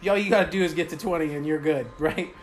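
A man's voice: a little high, quick pace, soft background music. A man who coaches men on dating, talking casually on a podcast, rambling with many fillers and a constant "right?". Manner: rambling, filler-heavy, says "right?" often.

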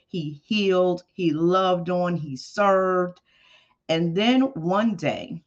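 Preacher, conversational sermon, emphatic asides, mid pitch, dull lo-fi audio. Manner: conversational storytelling with emphatic exclamations. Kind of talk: sermon retelling a story.

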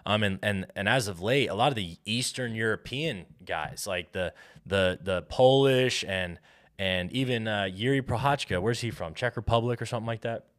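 A man's voice: lowish voice, moderate pace, fairly bright tone. An American man hosting a solo podcast, rambling and riffing with lots of restarts and fillers. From United States. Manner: rambling, self-interrupting, riffing. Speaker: podcast host.

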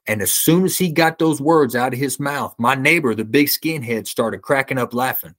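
A man gives his testimony as an interview guest, speaking with fervent conviction. His pitch sits right in the ordinary middle for a man. He often doubles back on words as he drives a point home. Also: normal speed, few pauses, a bit bright. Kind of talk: earnest testimony storytelling.

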